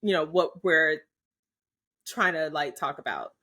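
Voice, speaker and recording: A woman's voice: sits low, a little slow, sharp tone, breathy edge. A young adult woman co-hosting a podcast, talking in a thoughtful, hedging way in casual chat. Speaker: podcast co-host.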